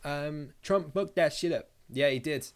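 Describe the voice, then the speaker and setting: A man's voice: fairly high pitch, unhurried. A man hosting a casual live stream, reading out viewer comments and joking around in a rambling way, swearing freely.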